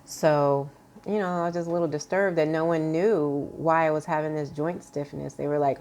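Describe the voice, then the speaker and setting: A woman talking earnestly to her viewers in an unscripted personal vlog, halting, with many fillers and restarts. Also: deep voice, steady tone, a little mellow. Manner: earnest, confiding tone. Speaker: vlogger sharing a health update.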